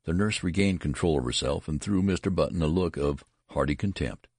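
A man narrating a story as an audiobook reading, with dramatic, expressive delivery. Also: a bass voice, brisk, husky, no room sound, studio quality.

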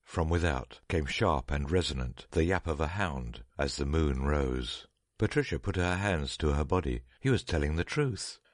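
A man reading a story aloud in a measured, dramatic narration. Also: very deep voice, lively intonation, dry recording, studio quality.

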